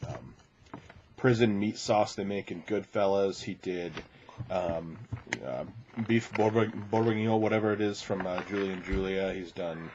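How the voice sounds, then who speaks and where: A man hosting a podcast in casual chat, talking in a chatty, playful way and sometimes slipping into quick impressions. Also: sits low, muffled recording, noisy background. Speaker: podcast host.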